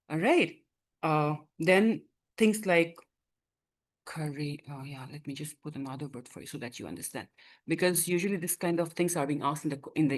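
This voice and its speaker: A woman's voice: on the low side, a little mellow. A woman teaching a grammar lesson in class, explaining patiently and often checking that students follow. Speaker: English teacher.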